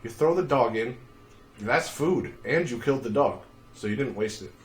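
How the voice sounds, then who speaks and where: A young man hosting a casual livestream, telling rambling, profane stories full of dark jokes. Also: mid-range voice, lively intonation, normal speed. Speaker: livestream host.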